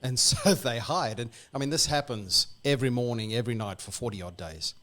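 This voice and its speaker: An Australian man retelling a bible story on the radio in a lively, animated way. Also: mid-range voice, a little fast. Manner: lively, animated storyteller who acts out characters. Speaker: church guest.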